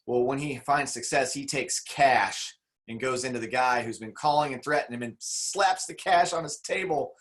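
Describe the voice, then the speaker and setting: A man's voice: mid-range voice, moderate pace, a bit bright. Guy hyping up his team on a video call, chatty, does little voices for the quotes. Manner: enthusiastic, conversational, acts out quotes. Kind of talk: motivational talk on a video call.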